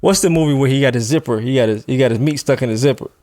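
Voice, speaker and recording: A man telling a story in casual chat, animated and laughing often, acting out the voices of the people in it. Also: medium pitch, rapid-fire, no room sound.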